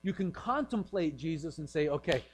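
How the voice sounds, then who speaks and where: A man's voice: sits high, lively intonation, normal speed, low-quality recording. Man preaching a joking, casual sermon. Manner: joking, acts out voices in quiet asides. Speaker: pastor. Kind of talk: conversational sermon.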